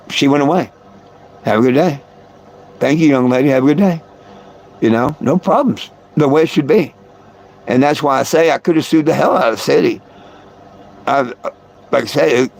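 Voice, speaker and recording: A man's voice: medium pitch, a little mellow. A man hosting a live stream, telling a long story in a rambling way and repeating his words. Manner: rambling, repeats words, chuckles between lines. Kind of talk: casual storytelling to viewers.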